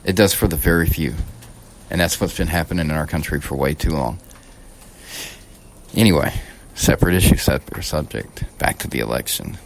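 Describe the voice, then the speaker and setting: A man's voice: extremely low pitch, a little fast, gravelly, long pauses, a little hiss or hum. A man hosting a podcast, talking through a casual political monologue in a blunt, profane way that rambles and restarts. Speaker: podcast host.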